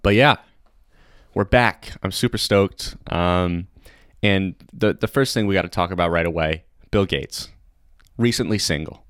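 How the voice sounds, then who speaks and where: A young man hosting a casual comedy podcast, chatty and excitable, laughing often. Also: sits low, unhurried, clean tone, no room sound, studio quality. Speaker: podcast host.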